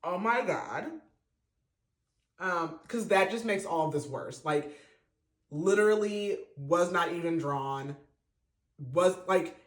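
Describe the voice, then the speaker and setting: A man hosting a podcast, giving a casual, emotional book review full of fillers and restarts. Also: a little high. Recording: roomy echo.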